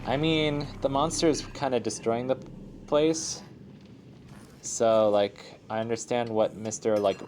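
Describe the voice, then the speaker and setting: Low-voiced rambling gameplay commentator. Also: male voice, a little mellow, a little hiss or hum. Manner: rambling, lots of filler words, chatty asides. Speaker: let's play host.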